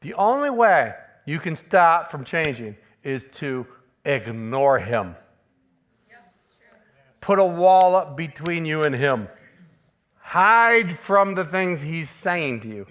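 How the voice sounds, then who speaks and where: A man delivering a sermon in a high, bright voice. He presses each point with emphatic repetition, and between his firm declarations he slips in playful asides. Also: sing-song, slow pace. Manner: emphatic, repeats key phrases for stress. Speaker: preacher.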